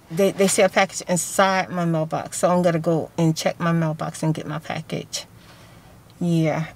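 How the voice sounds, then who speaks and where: A woman's voice: lowish voice, darkish tone, rough recording. A woman chatting casually to her vlog audience from inside a car, rambling and laughing often. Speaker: vlogger.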